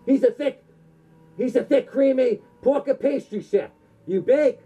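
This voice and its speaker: A man's voice: very high-pitched, dark tone, breathy edge, pitched above the performer's own voice, heavily acted. Man hamming up a bragging kung fu film villain. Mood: boastful. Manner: slow, drawn-out bragging with mocking laughter. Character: boastful male martial-arts villain from a badly dubbed kung fu film. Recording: dull lo-fi recording.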